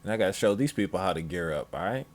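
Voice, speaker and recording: Deep-voiced man doing game commentary. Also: fast. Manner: loud, excitable, addresses viewers as "people". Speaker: gaming channel host. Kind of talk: let's play commentary.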